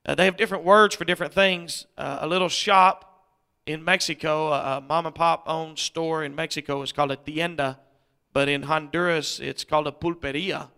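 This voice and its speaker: A man's voice: fairly high pitch, steady tone, normal speed, vocal fry, pushed and bright, smooth. A middle-aged man, preaching as a visiting missionary in a folksy, rambling way. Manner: folksy, rambling, many fillers and restarts. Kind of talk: sermon.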